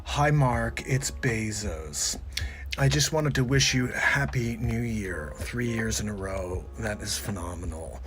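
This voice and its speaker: A man doing an impression of a tech billionaire, speaking slowly in a low, hushed voice. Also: slight background noise. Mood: solemn advice.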